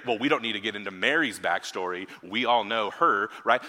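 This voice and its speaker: A man's voice: on the low side, brisk, few pauses, sharp tone, long reverb tail. A man preaching a sermon as pastor, in a conversational way with frequent rhetorical asides. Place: church hall.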